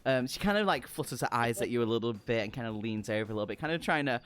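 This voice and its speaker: A man running a tabletop game as game master, narrating in a relaxed, rambling way. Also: mid-range voice, racing. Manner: relaxed, many fillers and restarts.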